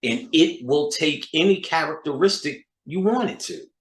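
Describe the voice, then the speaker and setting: A man's voice: a little high, normal speed. Profane, emphatic male lecturer, roomy echo. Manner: emphatic, swearing, street-talking, rhetorical repeats. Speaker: occult lecturer.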